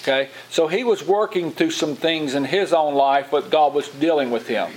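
A man's voice: fairly high pitch, moderate pace, low-quality recording. A man preaching to his congregation in a loose, conversational teaching style, often asking them questions and repeating his words as he goes. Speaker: pastor.

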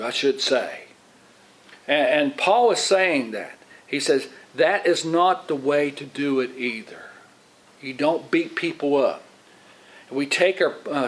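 With a slightly higher-pitched voice on a rough recording, a middle-aged Bible teacher delivers an informal lesson. He rambles, restarts sentences, repeats words, and frequently voices other people's lines himself.

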